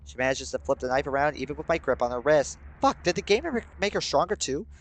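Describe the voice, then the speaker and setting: A young man streaming and reading a game story aloud, shifting between steady narration and sudden excited, swearing outbursts. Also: a little high, fast, rough recording. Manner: reads narration in a steady, subdued voice.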